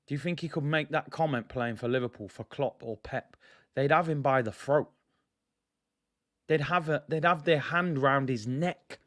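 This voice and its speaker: A man's voice: medium pitch, normal speed, a bit bright. A man hosting a football fan channel, ranting bluntly to his viewers and repeating points for emphasis. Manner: addresses viewers directly as "people". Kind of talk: ranting fan reaction vlog.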